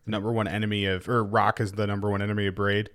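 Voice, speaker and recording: A man's voice: fairly low pitch, flat delivery, fast, a bit bright. A man co-hosting a podcast, chatting casually and asking follow-up questions. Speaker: podcast co-host. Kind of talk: casual chat.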